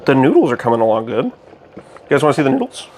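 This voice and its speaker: A young man casually chatting with his stream chat while cooking, excitable, goofy and loud. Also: medium pitch, rapid-fire, slight background noise.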